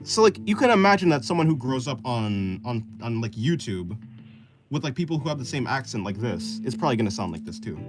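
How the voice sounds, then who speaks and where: Rambling young man with lively pitch. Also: a little fast. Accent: General American. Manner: rambling, many "like" fillers and restarts, explaining at length. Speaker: art streamer. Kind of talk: casual chat while drawing. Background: guitar music.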